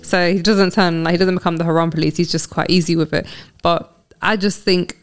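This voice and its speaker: A woman trading quick banter as a podcast guest. She teases the others and swears for effect, in a loose, conversational way. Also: fairly low pitch, fairly even intonation, clear, resonant tone.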